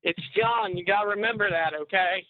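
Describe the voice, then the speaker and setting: High-voiced man on a tinny phone line. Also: normal speed, no echo. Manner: joking, rambling, prone to pranks. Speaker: caller. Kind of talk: casual chat.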